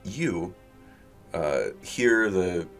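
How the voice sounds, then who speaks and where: Low guy running a tabletop game, lots of ums, voice moves around a lot. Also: lively intonation, faint music behind. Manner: halting, full of fillers. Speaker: game master.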